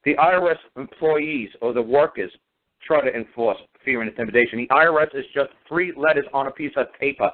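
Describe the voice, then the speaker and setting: Heard through a phone line, a man with a medium-pitched voice speaks fairly quickly on a talk show. He is emphatic, hammering his case with one rhetorical question after another.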